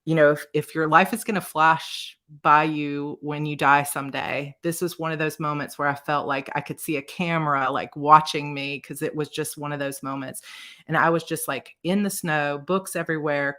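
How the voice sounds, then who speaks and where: A woman host in her thirties telling a personal story in a casual chat, emotional and close to tears, with halting restarts. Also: low voice, steady tone, fairly bright tone. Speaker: author and video host.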